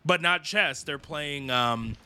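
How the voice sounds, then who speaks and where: A man co-hosting a casual anime review podcast, animated and exasperated, laughing often as he complains about scenes. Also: fairly high pitch, takes it slowly, smooth. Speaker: podcast co-host.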